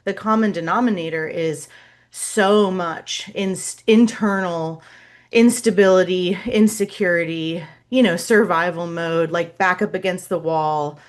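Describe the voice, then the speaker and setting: A woman's voice: lowish voice, a little slow. A woman hosting a podcast interview, reflective, hunting for her words and checking in with "right?". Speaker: podcast host. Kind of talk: casual interview conversation.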